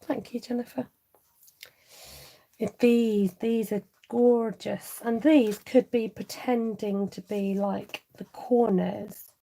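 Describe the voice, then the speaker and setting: Middle-aged woman, chatty live craft demo host, mellow tone with gravelly edges. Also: fairly high pitch, steady tone, slow, rough recording. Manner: chatty, laughing, reads viewer comments aloud. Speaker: stamping craft demonstrator. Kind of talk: live-stream craft tutorial chat.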